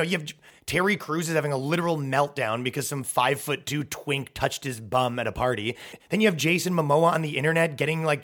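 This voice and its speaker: A man's voice: on the high side, a bit bright. A man hosting a podcast, delivering a sarcastic, profane, rambling comedic rant. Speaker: podcast host. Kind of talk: comedic monologue.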